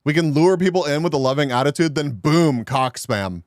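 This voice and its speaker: Male streamer, crude joker, laughs a lot, animated swooping voice, smooth clear tone. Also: fairly high pitch, moderate pace, no echo, studio quality. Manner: crude, joking, laughs often. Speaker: live streamer. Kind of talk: casual live-stream chat with viewers.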